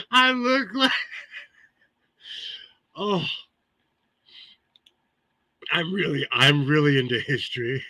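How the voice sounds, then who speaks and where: Broadcasting from a home sewing room, a Californian livestream host keeps up casual chat with his viewers, laughing frequently between comments. His voice sits on the high side, sharp in tone, and the recording has no echo.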